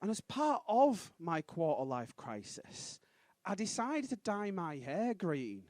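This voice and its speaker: Lively high-voiced comic. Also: male voice, no echo. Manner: quick punchy delivery with sudden loud punchlines and voices. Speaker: stand-up comedian. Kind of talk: stand-up set. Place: comedy club stage.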